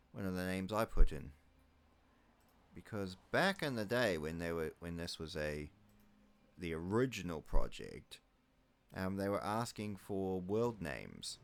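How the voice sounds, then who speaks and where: A man's voice: low-pitched, creaky. A man from New Zealand giving casual let's-play commentary, rambling with wry asides and muttering his menu choices to himself. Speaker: gaming YouTuber.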